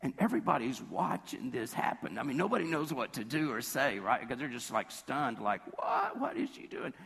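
A hoarse man preaching a sermon in a conversational storytelling way, slipping into quoted voices. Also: expressive, fairly quick, a bit bright, big-room sound. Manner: conversational storytelling, acts out quotes with jumps in pitch.

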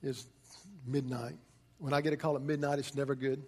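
A man's voice: medium pitch, flat delivery, brisk, dark tone, husky. A man, a pastor preaching a conversational sermon and telling stories with frequent restarts.

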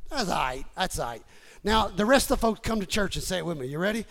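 A man preaching a sermon, leading the congregation in call and response and building to emphatic, shouted lines. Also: lively intonation, fast, vocal fry. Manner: emphatic preacher, swings from low asides to shouting. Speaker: pastor.

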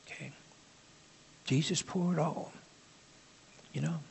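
A man preaching a sermon in a conversational, halting way, with asides to the congregation. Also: medium pitch, creaky, long reverb tail, a little hiss or hum.

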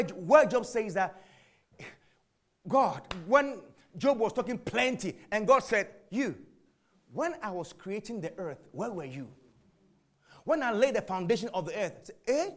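A man preaching a sermon, asking and answering his own questions, jumping from shouts to whispers. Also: sits high. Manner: animated, swings from shouts to whispers.

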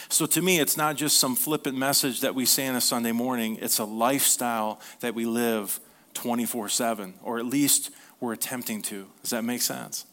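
Male preacher, mid-pitched, conversational sermon delivery, slow on scripture, rising energy on the big points. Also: fairly bright tone. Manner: earnest, conversational, asks the listeners questions; reads scripture slowly, then rises in pitch and energy.

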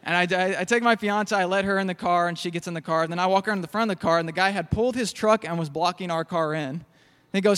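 A man's voice: sits high, fast talker, a bit bright. A young man preaching a sermon in a church hall, telling jokey stories. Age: young adult. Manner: storytelling, jokey.

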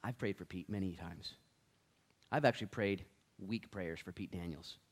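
A man preaching a Bible study sermon as a pastor, animated and joking, swinging from loud to hushed. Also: low-pitched, normal speed.

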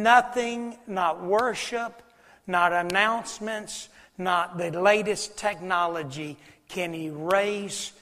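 Pastor, male, high-pitched, preaching live in a church with a long echo, loud peaks and hushed dips. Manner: swings from loud preaching to hushed near-whispers. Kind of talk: sermon. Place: church sanctuary.

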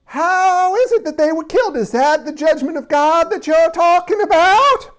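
A questioner from an ancient crowd speaks in a put-on British accent, as a preacher acts him out. The voice sits very high and draws the questions out slowly and pointedly. He sounds a little distant from the mic. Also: animated, a bit bright. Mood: probing.

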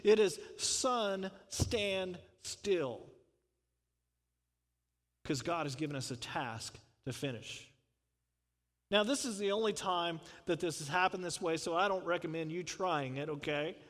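A man's voice: on the high side, normal speed, in a large hall. A man preaching a conversational sermon, full of asides and rhetorical questions. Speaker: pastor.

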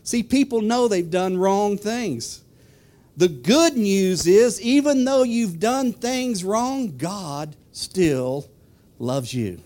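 A man's voice: high-pitched, animated, slow, a little mellow. A man preaching a sermon who asks the congregation questions and then tells a personal story.

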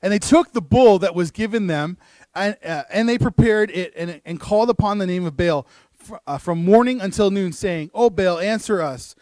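High-voiced man preaching a sermon. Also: normal speed, darkish tone, no room sound, clean studio sound. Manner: earnest, builds to emphatic peaks, with asides and restarts. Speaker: pastor. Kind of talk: sermon with scripture reading. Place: church room.

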